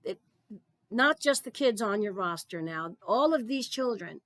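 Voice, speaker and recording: A woman's voice: medium pitch, animated, a little slow, fairly bright tone, no room sound. An older woman from New Jersey, a retired physical education supervisor, giving an earnest, conversational keynote talk and repeating key phrases for emphasis.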